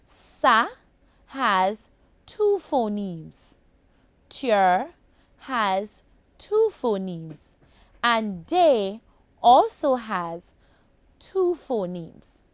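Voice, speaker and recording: A woman teacher with a Jamaican accent gives a recorded phonics lesson for children. She speaks slowly and deliberately and addresses the class as boys and girls. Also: mid-range voice, sing-song, no room sound.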